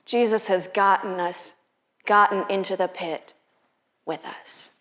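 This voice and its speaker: A woman pastor preaching a sermon in an unhurried, conversational and personal way. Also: medium pitch, fairly even intonation, fairly bright tone, echoey room.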